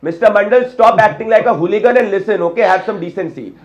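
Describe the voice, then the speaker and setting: Forceful Indian spokesman on a dull line. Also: high voice. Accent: Indian English. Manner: fast, forceful rebuttal. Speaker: party spokesperson, panelist.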